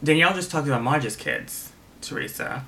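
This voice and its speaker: A man's voice: a little high, moderate pace. Profane young man ranting casually. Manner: animated, profane, repeats himself. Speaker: reality TV reviewer. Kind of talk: casual video review rant.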